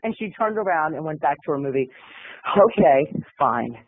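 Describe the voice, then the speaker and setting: A man, a video blogger, telling a story as an animated, theatrical monologue and acting out the other people's voices. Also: a little high, fast talker, no echo, narrow, tinny audio.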